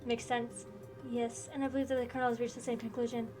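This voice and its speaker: A woman's voice: a little high, level tone, fast, close to an everyday voice. Woman reading stately older queen, grave, formal, faint background music. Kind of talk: reading game dialogue aloud.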